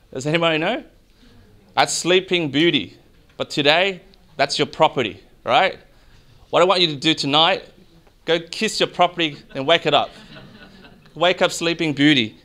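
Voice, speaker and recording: Man, energetic seminar speaker, salesy, sharp bright tone. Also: mid-range voice, smooth. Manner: energetic, salesy, asks the crowd questions. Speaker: mortgage broker giving an expo talk. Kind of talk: live seminar presentation to an audience.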